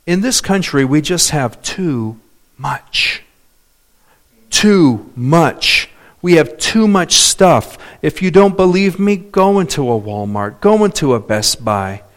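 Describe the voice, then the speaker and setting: Animated man preaching a sermon. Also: on the high side, takes it slowly. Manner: animated, calls for amens and hallelujahs; shifts between loud preaching and quiet asides.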